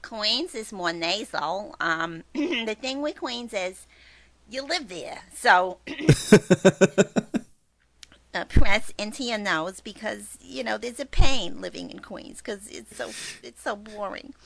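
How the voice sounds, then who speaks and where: A woman, explaining city in a chatty, playful way with quick demos. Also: medium pitch, animated, vocal fry, sharp tone, no echo. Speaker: accent tutorial presenter.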